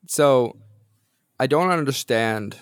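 A man's voice: mid-range voice, expressive, takes it slowly, clear, resonant tone, no echo. Dry-voiced man making wry quips. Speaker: podcast co-host. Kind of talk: casual film discussion.

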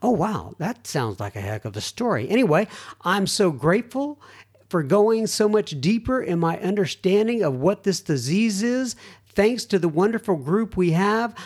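A middle-aged man hosting a recovery podcast, chatting casually and reading listener emails aloud with self-deprecating asides. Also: on the high side. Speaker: podcast host.

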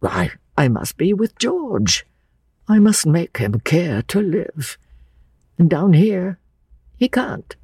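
A woman voicing a gentle, weary old man who speaks slowly and in a low hush. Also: breathy edge, dry recording, clean studio sound, full character voice. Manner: slow, soft, low and hushed.

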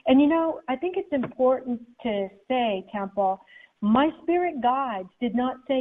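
A woman's voice: sits high, unhurried. A woman, a guest author, telling a personal story in an interview and acting out the people in it. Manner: animated, acts out the people in her story. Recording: tinny phone-like line.

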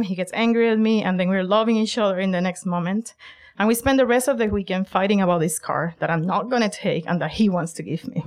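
A middle-aged woman from Puerto Rico telling a personal story, lively and emphatic, acting out quoted lines. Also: medium pitch, smooth. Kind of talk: personal story told to an audience.

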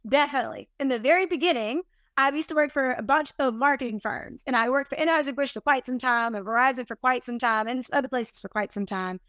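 A woman guest on a podcast, telling her business lessons in an animated, emphatic, self-deprecating way. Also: high-pitched, fast, dry recording, clean studio sound. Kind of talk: casual interview storytelling.

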